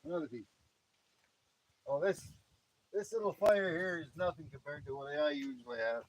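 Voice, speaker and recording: Amid very noisy audio, a man with a fairly high, expressive voice and vocal fry chats at a normal speed during a casual livestream. He's outdoors at his backyard fire pit at night with a camera on a tripod, cheerfully greeting viewers by name and laughing often.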